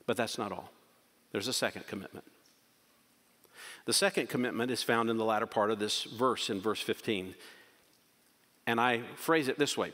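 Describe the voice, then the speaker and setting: A man preaching a sermon as pastor, impassioned, swinging between loud urgent questions and quiet emphasis. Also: on the low side, moderate pace, long pauses. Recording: hall reverb.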